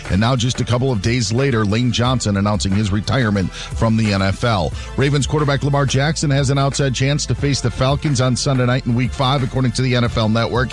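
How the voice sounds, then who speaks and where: Sports update guy reading the headlines, brisk, soft music under it. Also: medium pitch. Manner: brisk, newsreader delivery.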